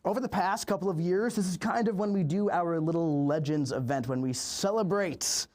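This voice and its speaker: Male live-stream host, upbeat hype, stretches words for emphasis, voice sits a bit high. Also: darkish tone. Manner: upbeat, hyping, drawn-out emphasis. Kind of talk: hosting a live game stream.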